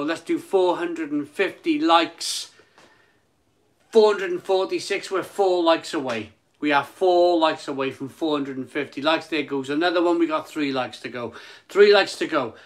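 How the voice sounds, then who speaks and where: A man hosting a casual live stream from his phone, repeating phrases and stumbling over words. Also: on the high side. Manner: excited hyping, then soft and emotional.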